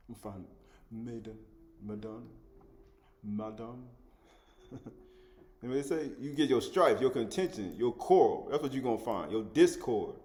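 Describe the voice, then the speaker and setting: Chuckling man teaching scripture, mid-pitched. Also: darkish tone. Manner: chuckles often, repeats words, asks "right?". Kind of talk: informal spoken Bible study.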